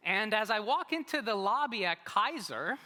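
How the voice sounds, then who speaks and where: A man preaching in a church sanctuary tells a personal story with a lively, swooping voice and a bright, forceful tone. His delivery is humorous and self-mocking, and the sound carries a long hall reverb. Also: high-pitched, normal speed, a little hiss or hum. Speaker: pastor. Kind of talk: storytelling sermon.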